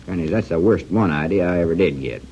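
A deep, husky blustering country bachelor. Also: male voice, quick pace, mellow. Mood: aggrieved. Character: blustery, self-pitying country bachelor storekeeper. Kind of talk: 1940s radio comedy acting. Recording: lo-fi old radio recording.

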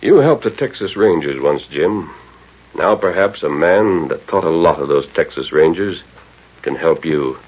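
A steady, commanding western hero in a vintage radio play. His voice is very deep and husky, and his measured talk comes through a dull, lo-fi broadcast sound. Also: heavily acted. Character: calm, commanding masked Texas lawman hero. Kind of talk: 1930s radio drama acting.

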